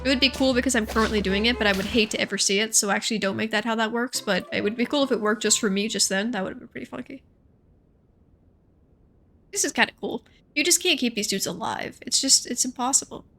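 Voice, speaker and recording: Bright-voiced young woman chatting through a game. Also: a little high, faint music behind. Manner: chatty, thinks aloud, quick asides and self-talk. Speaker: gaming streamer. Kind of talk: casual gameplay commentary.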